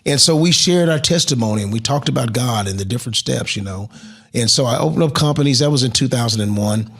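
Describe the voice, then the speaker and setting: A middle-aged man recounts his story as an interview guest. His voice is husky, his pitch sits in an ordinary middle range, and he swings from excited rises to near-whispered moments. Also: fast talker. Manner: animated storyteller who drops to a hush at emotional moments. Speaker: interview guest, motivational speaker.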